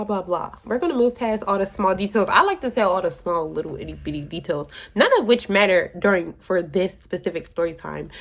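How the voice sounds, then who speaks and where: Young woman chatting a storytime, voice jumps all over, dramatic and talky. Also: mid-range voice. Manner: chatty and dramatic, lots of "like" and "y'all". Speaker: vlogger. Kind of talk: casual storytime chat. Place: room with her sister asleep behind her.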